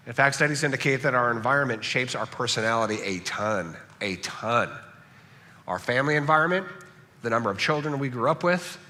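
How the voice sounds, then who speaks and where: A man's voice: on the high side, sharp tone. A man from Southern California, a pastor giving a conversational sermon that he keeps punctuating with "right?". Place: church sanctuary. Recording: long reverb of a church hall.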